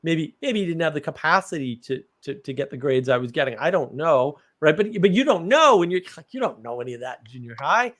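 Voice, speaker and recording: A man with a fairly high voice hosts a casual live stream, wandering from story to story with blunt, offhand swearing. He talks loosely, restarting sentences as he goes. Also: expressive, brisk, few pauses, a bit bright. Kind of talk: casual chat.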